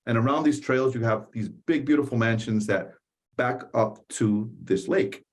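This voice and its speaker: A man's voice: mid-range voice, normal speed. A man from the Dominican Republic, a podcast guest telling a story in an emphatic, conversational way and repeating phrases for stress.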